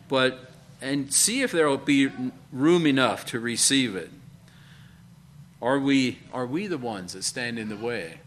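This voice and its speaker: A man preaching a sermon, speaking in halting bursts with frequent fillers and repeated questions to his congregation. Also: medium pitch, fairly bright tone, slight background noise. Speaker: pastor.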